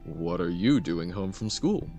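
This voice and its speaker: A man's voice: low voice, expressive, measured pace, a little mellow, faint music behind. A man doing a cheery Scottish-tinged junkman. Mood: jolly. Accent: half-hearted Scottish. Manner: jolly, rolling nautical delivery. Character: middle-aged man, cheerful junk collector.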